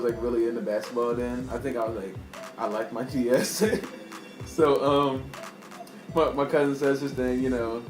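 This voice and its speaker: A young man telling a casual storytime to his camera, rambling and laughing often, with slang. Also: mid-range voice. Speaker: vlogger. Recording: echoey room with faint music.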